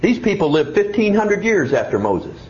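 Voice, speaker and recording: A man's voice: high voice, very animated, moderate pace, slight background noise. A man preaching a sermon, putting mock questions to himself and answering them. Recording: echoey, dull lo-fi room recording.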